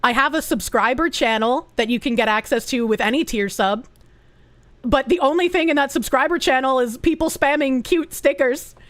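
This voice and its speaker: A woman's voice: high-pitched, normal speed, fairly bright tone. A woman streamer chatting casually and reading viewer messages aloud, blunt, swearing a lot and laughing often.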